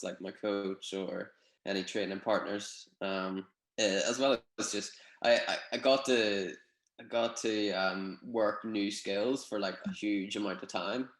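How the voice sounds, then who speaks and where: Young man, Northern Irish accent, lowish voice, relaxed rambling, echoey room on a video call. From Northern Ireland. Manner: relaxed, rambling with many fillers and restarts. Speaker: guest, gymnast. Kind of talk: casual interview over video call.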